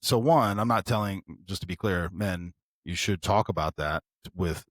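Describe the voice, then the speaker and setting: A deep-voiced man gives earnest advice in a relaxed podcast chat. He thinks aloud and often restarts his sentences. The sound is dry and close to the mic. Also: normal speed, no room sound. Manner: earnest, reflective, with frequent restarts. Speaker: podcast co-host. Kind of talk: candid casual chat.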